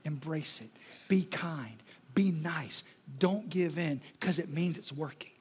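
A preacher voicing Jesus in a soft, hushed, reassuring tone. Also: male voice, on the high side, takes it slowly, breathy edge, pitched below the performer's own voice, heavily acted. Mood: gentle. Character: calm, gentle male Jesus reassuring followers.

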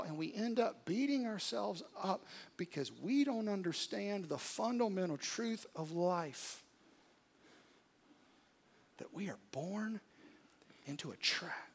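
A male pastor with a high voice delivers a sermon in church. He drops to near-whispers, then builds to loud, driving peaks. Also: animated, slow, creaky, pauses often. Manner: dramatic, swings from hushed to loud. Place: church service.

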